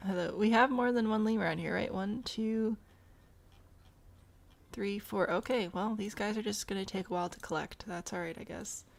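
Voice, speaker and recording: A woman's voice: mid-range voice, moderate pace, vocal fry. A woman chatting casually through a zoo-building game, thinking aloud and talking back to the animals. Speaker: game streamer. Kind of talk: casual let's-play commentary.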